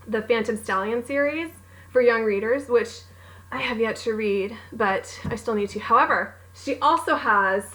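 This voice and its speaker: A woman's voice: on the high side, a bit bright, rough recording. Bubbly, gushing woman book vlogger. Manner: bubbly, gushing storyteller who acts out her own reactions. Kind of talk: casual book recommendation vlog.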